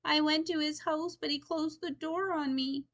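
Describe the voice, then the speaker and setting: A woman voicing a young boy turtle in a children's storybook reading, talking high and excited, then pleading. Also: normal speed, highs cut off. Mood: sad.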